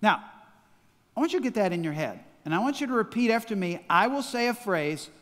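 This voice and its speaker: A man's voice: sits high, lively intonation, fairly quick, fairly bright tone. A man in his sixties with a Midwestern American accent, a pastor preaching a sermon with emphatic call-and-response, recorded in a large church hall. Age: 60s. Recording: long church-hall reverb.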